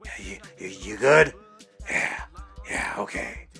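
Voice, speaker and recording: A man putting on the voice of a chain-smoking, breathless older male store boss who rasps through his throat and stammers as he rambles. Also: lowish voice, animated, sharp tone, faint music behind, voice pushed down, exaggerated voice. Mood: friendly, rambling. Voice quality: raspy, scratchy throat. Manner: halting, stammering, repeats words.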